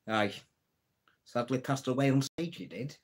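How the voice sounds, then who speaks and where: A man's voice: medium pitch, a little slow, breathy edge. Jokey man on a live stream. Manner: jokey, chatty, chuckles at his own puns; greets and answers viewers' comments. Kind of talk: casual live-stream chat telling jokes.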